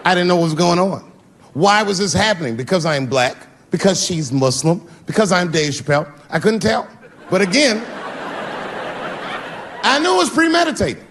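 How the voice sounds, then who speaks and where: A man doing stand-up, telling a long story and acting out the people in it, with a profane, animated delivery. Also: high-pitched, normal speed. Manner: animated, acts out characters, profane. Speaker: stand-up comedian. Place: comedy venue with live audience. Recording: live show recording with audience noise.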